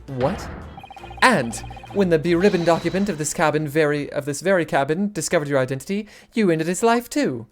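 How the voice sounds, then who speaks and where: A woman's voice: sits low, animated, brisk, soft background music. A woman voicing a grandiose, theatrical male detective from a game, reading his lines aloud. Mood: pompous. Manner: grandiose, declaiming.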